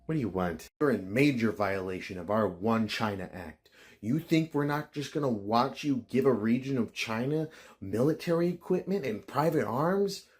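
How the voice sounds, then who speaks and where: A man's voice: medium pitch, animated, moderate pace, natural voice. A man playing China as a stern, hungover man who sounds irritable and threatening. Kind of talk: comedy sketch acting.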